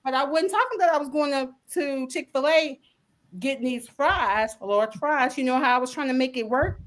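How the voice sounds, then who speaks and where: A woman hosts a faith talk show in a bright, high voice. She tells stories in an animated, slangy way and jumps into acted-out quotes. She leans on "you know what I'm saying?" again and again. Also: normal speed. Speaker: podcast host.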